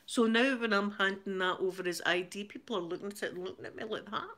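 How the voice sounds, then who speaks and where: A woman's voice: medium pitch, fast, a bit bright, a little hiss or hum. A Scottish woman hosting her channel, telling a rambling story in casual chat, laughing often and repeating words as she goes. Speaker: channel host.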